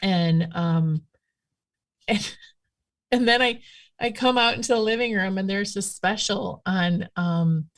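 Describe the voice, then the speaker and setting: A woman guest, a witchcraft practitioner, tells stories slowly in a casual conversation, leaving long pauses. Her medium-pitched voice carries chatty, rambling, animated storytelling heavy with fillers.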